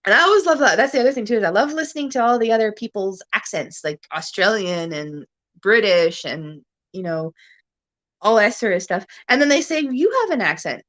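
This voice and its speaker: This Canadian livestream host from Ontario sounds medium-pitched, animated, brisk and a bit bright. Chatting at home in a loose, rambling way, she laughs frequently in front of a camera on a stand.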